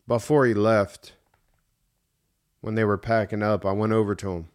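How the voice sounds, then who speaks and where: A man's voice: fairly low pitch, flat delivery, moderate pace, clear, resonant tone. A middle-aged man hosting a solo podcast and telling a story in an earnest, emphatic way, repeating his key points. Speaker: podcast host. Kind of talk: reflective solo podcast monologue.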